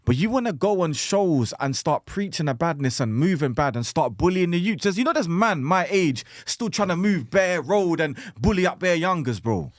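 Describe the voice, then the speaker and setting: A man's voice: a little high, animated, moderate pace, hardly any pauses, dry recording, clean studio sound. A man, a podcast guest speaking fervently and with open emotion about violence. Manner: fervent, preachy, openly emotional. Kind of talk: impassioned podcast talk.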